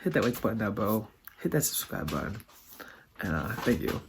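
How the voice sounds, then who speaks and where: Earnest man with a gravelly voice. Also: lowish voice, sing-song, fairly quick, background noise. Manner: earnest, heartfelt, loose and rambling. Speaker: vlogger. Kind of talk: casual video monologue.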